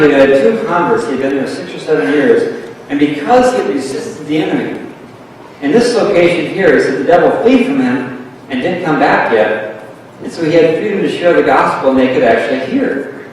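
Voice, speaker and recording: A man's voice: a little high, slight background noise. Echoey male pastor telling a story. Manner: animated storyteller acting out voices. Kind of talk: sermon storytelling. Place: church sanctuary. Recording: echoey hall, mic from a distance.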